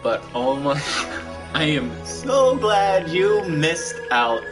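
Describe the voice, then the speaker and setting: A young let's play streamer with a slightly high voice, big pitch swings, and drawn-out words gives casual commentary over a video game. He laughs constantly between rambling, self-mocking asides while game music plays in the background.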